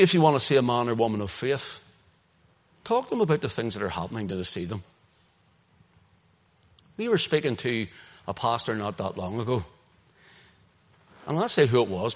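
A Northern Irish man preaching a sermon with fervour, his voice sitting at an ordinary middle pitch. He drives points home loudly, then drops to quiet asides. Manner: impassioned, swings between loud emphasis and hushed asides. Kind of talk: sermon, streamed online.

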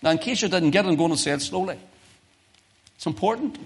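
A man preaching in a church, his voice sitting a little high for a man. He reads scripture in old-fashioned wording and presses questions on his listeners. He climbs loud and high at the big points, then sinks quiet to explain. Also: expressive, quick pace, husky. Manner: emphatic, swells loud and high on key questions, drops soft for explanation. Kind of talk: sermon.

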